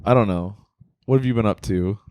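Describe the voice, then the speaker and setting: A young man co-hosting a podcast, telling stories in a profane, animated way and acting out quotes in casual chat. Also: lowish voice, a little fast, smooth, dry recording. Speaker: podcast co-host.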